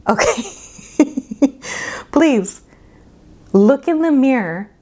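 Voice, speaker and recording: A tarot reader gives a casual pick-a-card reading, chatty and emphatic, often checking in with "okay?" and laughing between points. Her voice is mid-range with a darkish tone.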